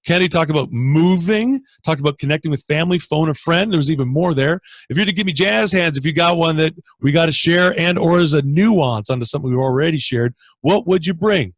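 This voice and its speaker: A man's voice: on the high side, fairly quick, few pauses, no room sound. A man from Canada hosting a training video call, coaching with energy and acting out inner thoughts. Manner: energetic, animated, acts out inner dialogue. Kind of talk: motivational coaching talk.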